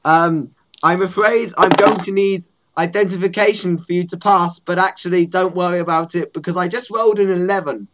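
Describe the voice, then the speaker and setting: A man's voice: sits high, fairly even intonation, moderate pace, fairly bright tone, lo-fi sound, voice pushed up. A man voicing a male goblin guard who speaks in stiff, mock-archaic phrases and stumbles over his words. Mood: flustered. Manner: mock-archaic, stammering and formal.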